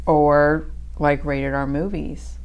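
Low-voiced woman co-hosting a podcast. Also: level tone, slow, smooth, highs cut off. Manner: chatty, lots of fillers and restarts. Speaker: podcast co-host. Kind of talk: casual faith discussion.

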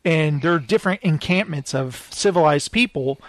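A man's voice: on the high side, normal speed, no echo. A man in casual chat, telling a long story animatedly and acting out the characters' lines, laughing often. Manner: animated storyteller, acts out quotes in raised voices, laughs often.

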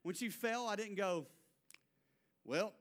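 Bright, high-voiced young male preacher. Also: moderate pace. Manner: animated storytelling, acts out quotes. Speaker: pastor. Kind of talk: sermon.

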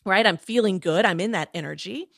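A woman guest in an interview, telling her own story in a chatty, animated way with many fillers. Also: medium pitch, a little fast, vocal fry, no room sound, studio quality. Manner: chatty, animated, lots of fillers and quoted asides. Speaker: guest, former lawyer turned coach.

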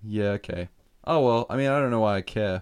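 A man's voice: fairly low pitch, fairly quick, clean tone. Laid-back joking podcast co-host man. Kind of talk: casual chat about a sitcom.

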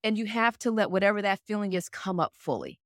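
A woman working as a mental performance coach, answering interview questions and walking through scenarios step by step in an animated way. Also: medium pitch, fast talker, dry recording, clean studio sound.

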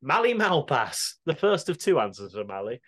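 A man's voice: medium pitch, very animated, moderate pace, a bit bright. A man co-hosting a podcast, bantering crudely and laughing as he reads out listener answers. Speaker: podcast co-host.

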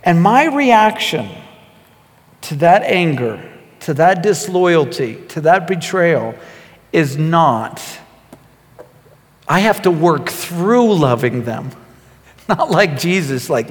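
A man's voice: a little high, lively intonation, slow. Earnest stammering man preaching in a hall. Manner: earnest, stammering restarts, acts out quotes. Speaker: pastor. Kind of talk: sermon. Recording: long hall reverb.

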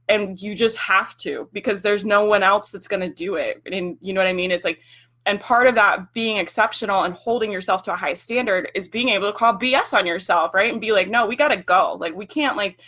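A young woman talks to her livestream audience in a loose, blunt way. She peppers her speech with "like" and the occasional swear word, and her voice sits at a middle pitch. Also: fairly quick, pushed and bright. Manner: frank, swears freely, lots of filler "like". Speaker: livestream host coaching business owners. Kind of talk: casual livestream talk.

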